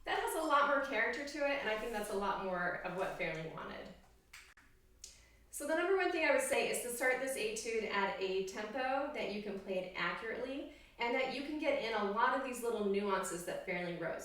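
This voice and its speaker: A woman's voice: mid-range voice, expressive, fairly quick, fairly bright tone. A woman oboe teacher explains an etude in a cheerful, encouraging way, now and then singing the rhythms aloud. Her voice sits in a middle range. The mic is a little way off, and the room gives a strong, ringing echo. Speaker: oboe professor. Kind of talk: instructional music lesson. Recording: very echoey room, distant mic.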